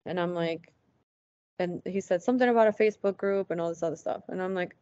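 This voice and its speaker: A woman's voice: lowish voice, fast talker, dark tone, no room sound. A woman guest on an interview show, telling a personal story casually, acting out past conversations and using lots of "like" fillers. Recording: dull lo-fi, dry sound.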